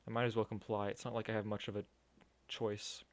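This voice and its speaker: Brief: male game streamer, casual sarcastic reactions, lower voice. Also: little pitch movement, a little fast. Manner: casual, sarcastic, swears freely. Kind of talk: reading a game aloud with reactions.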